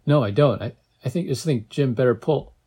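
A man's voice: mid-range voice, a little fast, mellow, slightly rough, close to an everyday voice. A man reading aloud and voicing a queasy young man who sounds wry and strained. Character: sick, wry young man with aching head.

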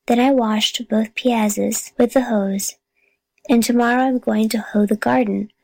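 A woman's voice: fairly high pitch, steady tone, measured pace, creaky, darkish tone, no room sound. A woman reading the lines of a hardworking teenage boy in a storybook reading. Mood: earnest.

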